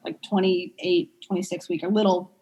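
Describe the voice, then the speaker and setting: A woman working as a pediatric speech therapist, chatting casually in an interview and telling stories with lots of fillers and animated quoted voices. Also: lowish voice, normal speed, slightly rough. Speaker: pediatric speech-language pathologist guest.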